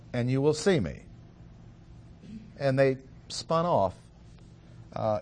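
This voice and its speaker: A man giving an expository Bible lecture, explaining a passage in a measured way and stressing key words. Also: medium pitch, darkish tone. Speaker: Bible teacher.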